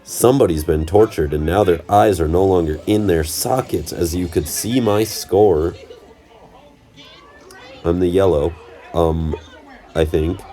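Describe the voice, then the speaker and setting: A man's voice: low voice, a little slow, pauses often, warm tone, soft background music, some chatter behind. A young man giving rambling, jokey voice-over commentary on his holiday footage, often stumbling and correcting himself. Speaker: channel host. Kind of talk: casual vlog commentary over trip footage.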